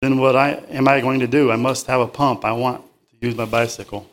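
A man's voice: medium pitch, fairly even intonation, fairly quick, natural voice. An impatient, whiny boy, as a man reads him. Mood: demanding. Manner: whiny and insistent. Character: impatient demanding young boy.

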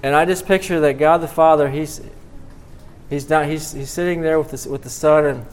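A man preaching a sermon in a halting way, repeating words and then swelling with emphasis. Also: a little high, steady tone.

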